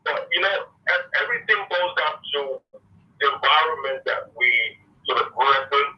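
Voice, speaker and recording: A man in a casual podcast discussion, explaining his view in a measured way with many fillers. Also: a little high, lively intonation. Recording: dull, muffled sound from a distance.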